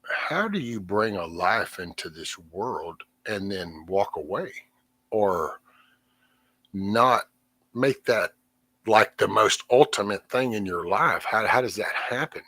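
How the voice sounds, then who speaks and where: Streaming from home, a middle-aged host rambles and cusses as he vents, frequently letting sentences trail off. He speaks slowly in a lowish, pushed, bright voice, with no room sound.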